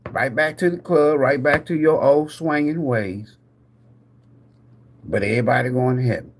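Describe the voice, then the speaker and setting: A man hosting a live tarot stream, ranting like a preacher with lots of swearing. He laughs often, asks his viewers questions, and swings between loud bursts and muttered asides. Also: medium pitch, normal speed. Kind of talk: profane preacher-style rant.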